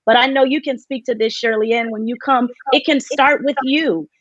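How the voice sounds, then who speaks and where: A woman's voice: sits high, fairly even intonation, fairly bright tone, highs cut off. A woman moderating a virtual town hall on a video call, speaking in an upbeat and affirming way. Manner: upbeat, affirming, quick to laugh.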